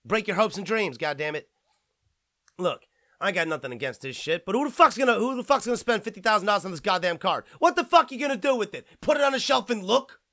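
A man's voice: sits high, lively intonation, quick pace, pushed and bright, no room sound, clean studio sound. A young man hosting a podcast, rambling and swearing freely as he rants and mocks. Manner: profane, rambling, mocking. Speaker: podcast host. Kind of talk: casual podcast rant.

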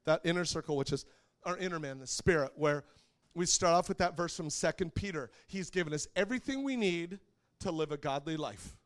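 A man's voice: fairly high pitch, fairly quick, hardly any pauses. A man preaching a sermon to a live congregation, conversational and joking, asking the audience questions. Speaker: pastor.

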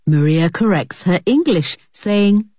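A female presenter narrates a scripted lesson and puts questions to the listener. Her voice is lowish and husky, with lively intonation. The sound is dry and close. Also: slow, no room sound. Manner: asks the listener questions about the scene.

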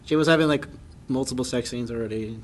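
A man's voice: mid-range voice, fast talker, a little hiss or hum. A man co-hosting a casual podcast chat with friends, rambling with lots of restarts. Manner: rambling, stumbling restarts and laughs. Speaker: podcast co-host.

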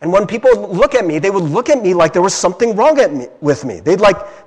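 A man's voice: high-pitched, big pitch swings, fairly quick, few pauses. A young man from Ohio preaching a conversational sermon, earnest and confiding, often checking in with his listeners. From Ohio, USA.

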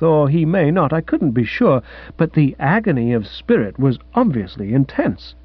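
A man narrating a comic audiobook with a lively, mock-grand storytelling manner. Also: fairly high pitch, a little slow, breathy edge, no room sound. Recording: dry, dull lo-fi recording.

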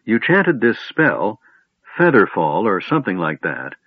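A man's voice: lowish voice, unhurried, slightly rough, no echo, exaggerated voice. A man doing an eager, chattering kender. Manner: excitable storyteller, stammers. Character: eager, chatty small male kender adventurer. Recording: tinny phone-like line, dry.

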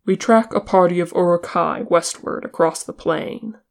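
A reader voicing a grave, steady male ranger leader, speaking calmly and with measure in an audiobook. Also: medium pitch, vocal fry, close to an everyday voice. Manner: calm, measured. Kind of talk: audiobook character reading.

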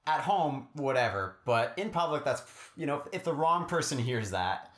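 A man's voice: medium pitch, sing-song, normal speed, a bit bright. A young man co-hosting a podcast, chatting in a laid-back way with dry humor and plenty of fillers. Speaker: podcast co-host. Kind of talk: casual chat. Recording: roomy echo.

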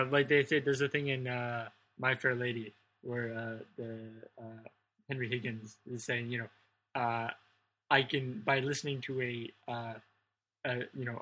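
A man's voice: medium pitch, pushed and bright, rough recording. A man co-hosting a casual podcast chat, telling rambling stories full of fillers. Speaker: podcast co-host.

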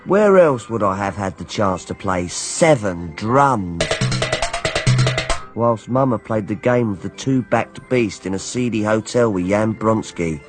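A wry, ironic storyteller. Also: male voice, fairly low pitch, lively intonation, a little slow, over music. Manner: dry, ironic narration. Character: wry grown man recalling his childhood. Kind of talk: radio drama narration.

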